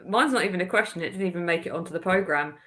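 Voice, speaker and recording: A woman's voice: on the low side, rapid-fire, a bit bright. A woman guest, a schoolteacher, talking cheerfully with small giggles. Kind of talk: casual chat.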